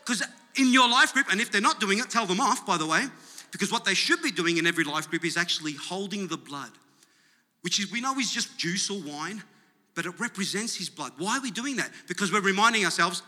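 A man's voice: high voice, a little fast, sharp tone. A man preaching a sermon as pastor, building to rising, emphatic calls to the congregation. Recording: long hall reverb.

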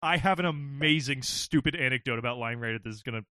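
A young man telling a funny story in casual chat, animated and laughing often, with frequent swearing. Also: medium pitch, quick pace, no room sound, studio quality.

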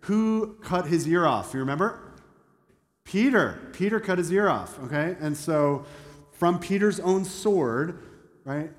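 Male pastor, conversational sermon, higher voice, questions to the congregation, reverberant hall. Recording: echoey hall with long reverb.

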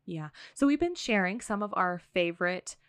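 Bubbly woman cohost, kinda low voice, chatty, laughs a lot, dry sound. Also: animated, normal speed, a bit bright, clear, resonant tone, dry recording. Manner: chatty, bubbly, laughs often, many fillers. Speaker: podcast co-host. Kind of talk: casual chat. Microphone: studio mic.

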